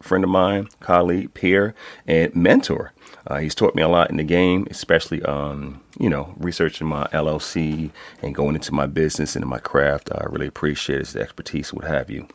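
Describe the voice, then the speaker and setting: A man's voice: very deep voice, creaky, no echo. A man from Brooklyn with a Brooklyn accent, hosting a casual podcast in a loose, slangy, hype style. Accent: Brooklyn New York. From Brooklyn, New York. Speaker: podcast host.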